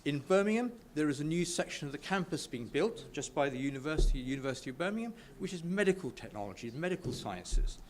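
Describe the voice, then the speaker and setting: A man's voice: fairly high pitch, big pitch swings, quick pace, few pauses, slight background noise. A man from the UK speaking informally at a business networking event, full of enthusiasm, often stumbling and restarting his sentences. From United Kingdom. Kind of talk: informal speech to an audience. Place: event room with a live audience.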